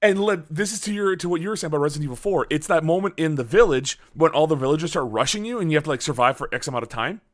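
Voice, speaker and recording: A man on a casual podcast tells a story with a lot of energy, acting out his own reactions and swearing freely. His voice sits a little high and swoops up and down in pitch. He sounds like a host chatting with friends. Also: expressive, racing, few pauses.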